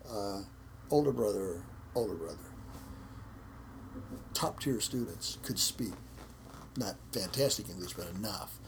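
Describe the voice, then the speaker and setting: Gravelly man telling a rambling story. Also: lowish voice, moderate pace, pauses often, a little hiss or hum. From United States. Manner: rambling, repeats words, acts out quotes. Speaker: interview guest, martial arts instructor. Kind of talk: casual storytelling interview.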